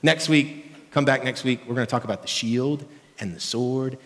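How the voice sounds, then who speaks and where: A man's voice: medium pitch, steady tone, moderate pace. A middle-aged man preaching as a pastor, talking casually and asking the congregation questions. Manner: conversational, asks the congregation questions. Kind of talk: sermon. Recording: long reverb of a large hall.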